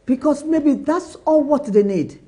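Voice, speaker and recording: A woman's voice: high voice, animated, measured pace, dark tone. A young woman hosting a motivational business talk, earnest and repetitive, acting out little dialogues as she advises. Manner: earnest, repetitive advice, acts out quoted dialogue. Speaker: business talk show host.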